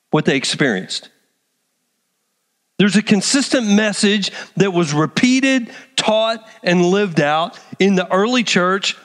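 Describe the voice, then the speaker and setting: Animated high-voiced preacher man, church reverb. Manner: animated, calls people up on stage. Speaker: pastor. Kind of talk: sermon. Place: large church hall.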